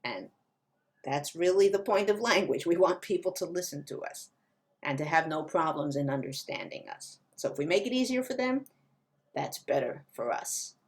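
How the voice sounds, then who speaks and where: A woman teaching Spanish pronunciation, slowly modeling words for learners to repeat. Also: low voice, lively intonation. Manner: slow, careful modeling of pronunciation. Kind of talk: language lesson.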